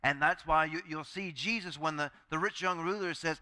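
High-pitched guy preacher, super bright and crisp, jokey, acts out little voices. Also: moderate pace, few pauses. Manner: acts out quoted voices with a chatty, joking delivery. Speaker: pastor. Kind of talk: sermon.

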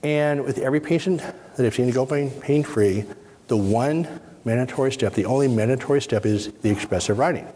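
A middle-aged man speaking to a workshop audience, guiding them through an exercise and explaining with calm, step-by-step instruction. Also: medium pitch, brisk, slight background noise. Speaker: spine surgeon giving a workshop. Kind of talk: guided exercise and lecture to an audience. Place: conference hall. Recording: husky voice in a reverberant hall.

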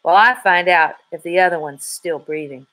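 A woman's voice: on the low side, moderate pace, a bit bright, close to an everyday voice. A woman voicing a blunt, commanding male state trooper.

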